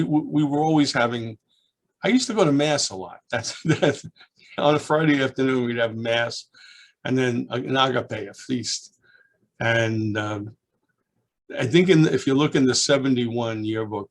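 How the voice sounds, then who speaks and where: A man in his seventies reminiscing in an oral history interview, a lively storyteller who rambles with restarts and acts out children's voices. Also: medium pitch. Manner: rambling with frequent restarts and asides. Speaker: alumnus being interviewed.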